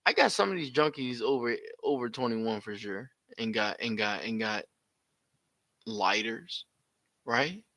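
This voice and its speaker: Blunt, animated man reacting live. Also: mid-range voice, a little slow, vocal fry, dry recording. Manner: blunt, animated, loud outbursts, heavy slang. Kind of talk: profane live reaction commentary.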